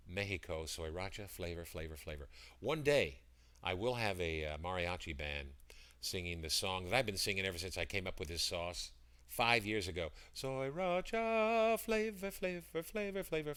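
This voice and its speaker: A man's voice: deep voice, sharp tone, smooth. A man selling products on a casual livestream, rambling and greeting chat viewers by name as he talks. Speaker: livestream seller. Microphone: computer mic.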